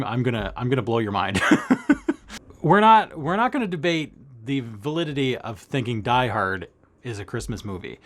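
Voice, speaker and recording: Excitable, stammering man vlogging. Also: medium pitch. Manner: excitable, stammering, repeats himself. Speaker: cross-stitch vlogger. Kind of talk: excited casual monologue to camera.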